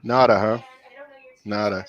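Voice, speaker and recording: A man's voice: on the low side, fairly even intonation, a little slow, dull audio, a little hiss or hum. A man hosting a casual cooking livestream, rambling and chuckling as he chats with viewers. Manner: laid-back, rambling, chuckling often. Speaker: cooking channel host on a livestream.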